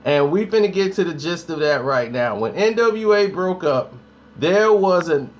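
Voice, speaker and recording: A man's voice: a little high, expressive, normal speed. A man hosting a casual live stream, talking straight to his viewers in a slangy, hyped way. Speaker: YouTube host.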